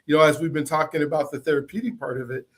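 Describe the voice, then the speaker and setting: A man's voice: a little high, very fast, fairly bright tone. A man hosting a podcast, asking long, rambling questions and giving supportive replies. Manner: supportive, rambling questions with many listening sounds. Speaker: podcast host. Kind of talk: casual interview conversation.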